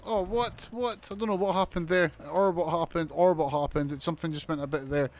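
A man commentating on a wrestling video game as he plays, excitable, swearing and shouting in disbelief. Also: a little high, a little fast. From United Kingdom. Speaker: gaming commentator.

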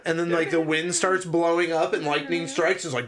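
A man co-hosting a casual podcast, retelling scenes in a rambling, excited way and swearing a lot. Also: fairly high pitch, a little fast, few pauses, a loud crowd. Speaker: podcast co-host. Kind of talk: casual chat.

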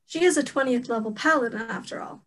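A woman's voice: fairly high pitch, fast talker, low-quality recording. A young woman playing a stiff, formal elf girl. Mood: deadpan formal. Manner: stiff, overly formal, deadpan. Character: formal emotionless female elf warrior. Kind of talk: stage play acting.

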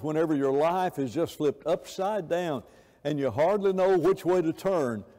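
A man's voice: sits high, mellow. A man preaching a sermon in an impassioned way, often repeating words and restarting phrases. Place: church sanctuary. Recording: echoey church hall.

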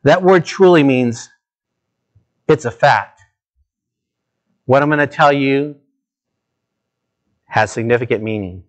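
A man preaching a sermon as pastor, talking straight to his listeners and moving between low, slow emphasis and raised, urgent appeals. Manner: earnest, direct address to listeners.

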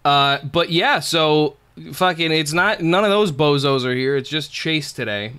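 A man's voice: fairly high pitch, lively intonation, a little slow, bright, forceful tone, clean tone, no room sound. A man streaming live gameplay, chatting casually in a rambling, profane, jokey way and thanking viewers.

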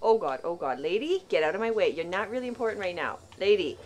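A woman giving panicky, excitable commentary while playing a video game for the first time, laughing often. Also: fairly low pitch, fast talker, noisy background. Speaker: gaming channel host.

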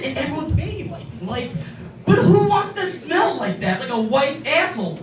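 A young man doing a stand-up set on a club stage, rambling and profane with animated asides. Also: very high-pitched, moderate pace, distant mic. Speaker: stand-up comedian. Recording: echoey room from afar, crowd.

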